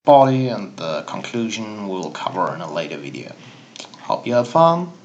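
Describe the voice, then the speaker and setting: A man's voice: fairly low pitch, normal speed, dull audio, a little hiss or hum. A man teaching a German grammar lesson in English, reading out German example sentences and talking informally to the learner. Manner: relaxed, switches between English explanation and German example sentences; informal, self-correcting, talks to the learner directly. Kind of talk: casual spoken grammar lesson.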